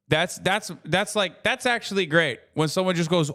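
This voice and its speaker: Streamer man, thirties, slightly higher voice, swears freely and rambles with sarcasm. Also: moderate pace, hardly any pauses, pushed and bright. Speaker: streamer reacting to a video. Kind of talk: casual livestream reaction talk.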